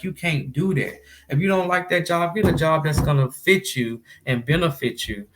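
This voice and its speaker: A man's voice: medium pitch, a bit bright. A young man telling his viewers about a recent experience in a loose, conversational vlog style, often adding "you know what I'm saying.". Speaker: vlogger. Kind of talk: casual storytelling to camera.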